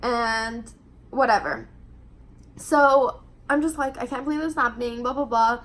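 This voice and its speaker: A woman's voice: a little high, moderate pace, a bit bright. A young adult woman vlogger telling a casual storytime to camera, chatty and full of "like". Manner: chatty, fills every phrase with "like".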